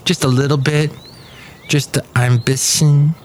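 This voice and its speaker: A podcast host chats casually through the news, rambling, drifting into tangents and correcting himself. His voice is fairly high, his delivery flat and unhurried.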